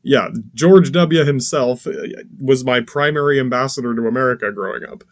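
A male podcast host rants casually in a rambling way. He swears freely and keeps breaking off into restarts and asides. His voice sits at an ordinary pitch and sounds close and dry. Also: normal speed, dry recording. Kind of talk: casual profane rant.

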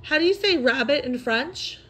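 A woman's voice: high-pitched, lively intonation, moderate pace, fairly bright tone, faint music behind. A woman hosting a vlog, chatting playfully with a child and often breaking into laughs. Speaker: vlog host. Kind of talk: casual chat with a child.

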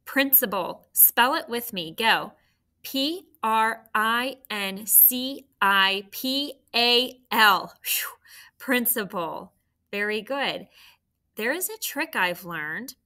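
A woman's voice: a little high, expressive, slow pace, pushed and bright. A woman teacher drilling children on spelling homophones, encouraging them step by step. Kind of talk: recorded phonics lesson for children.

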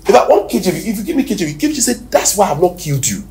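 A Nigerian-accented man preaching a sermon as pastor, swinging from loud shouted exhortations to quiet near-whispers. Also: high-pitched, big pitch swings, rapid-fire. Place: church hall. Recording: echoey hall, distant mic, faint noise.

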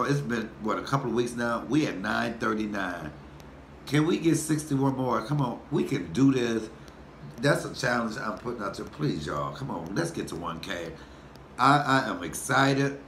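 A man, a comedian vlogger, doing a profane, animated casual rant for his viewers. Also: medium pitch. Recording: echoey room with faint noise.

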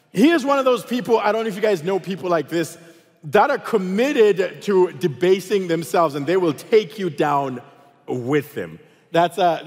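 A man preaching a sermon as pastor, telling funny stories in an animated way and acting out voices. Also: high voice, in a large hall. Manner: animated storytelling, acts out voices. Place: large church auditorium.

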